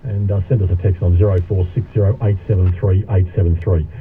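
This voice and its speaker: A man's voice: deep voice, fairly even intonation, fast talker, soft background music. Chatty male radio host. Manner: chatty, matey, casual Australian radio banter. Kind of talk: talk radio hosting. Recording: tinny radio broadcast with faint noise.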